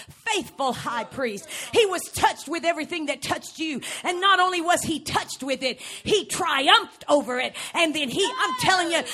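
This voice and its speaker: A woman preaching a lively sermon to a congregation, often shouting and acting out little scenes. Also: sits high. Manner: animated, shouting, acts out scenes. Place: church before a live congregation.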